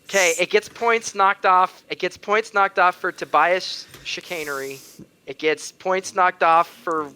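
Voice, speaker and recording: A man with a bright, forceful voice, talking casually on a podcast. He explains his opinions at length, pushes back on the others and riffs playfully. His pitch sits a little high. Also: fairly even intonation, measured pace, clean tone. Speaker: regular co-host.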